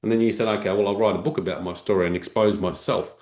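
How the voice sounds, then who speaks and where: A man's voice: on the low side, steady tone, fast talker, darkish tone, echoey room. A man hosting a podcast, asking long, rambling questions with fillers. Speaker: podcast host. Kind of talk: conversational interview.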